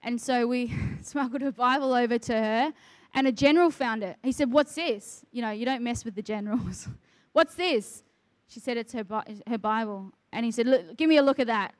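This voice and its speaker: A woman's voice: on the high side, a little fast, few pauses, dry recording. A middle-aged woman, a ministry worker, telling a faith testimony in earnest conversation and quoting the people she talks about. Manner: earnest storytelling, quotes others.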